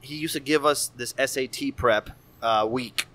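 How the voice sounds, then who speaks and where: A man in his thirties, a guest on a casual podcast, telling stories in an animated, profane, slangy way. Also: medium pitch, moderate pace. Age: 30s. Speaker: guest artist.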